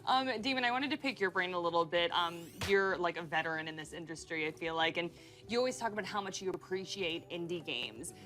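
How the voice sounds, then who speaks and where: A woman's voice: on the low side, brisk. A woman hosting a gaming livestream, bubbly and giggly as she reads sponsor lines and hands off to guests. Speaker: livestream host. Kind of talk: casual hosting chat. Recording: loud music bed under the voice.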